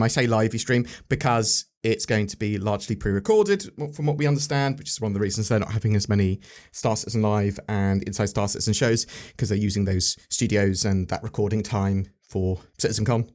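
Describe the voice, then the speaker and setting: A man hosting a casual chat about game news, rambling and asking his co-host questions. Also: lowish voice.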